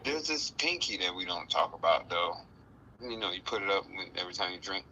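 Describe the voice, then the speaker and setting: A man giving a casual spiritual talk, playful and animated, often acting out other people's voices. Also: deep voice, brisk, a little hiss or hum, rough recording. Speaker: guest speaker.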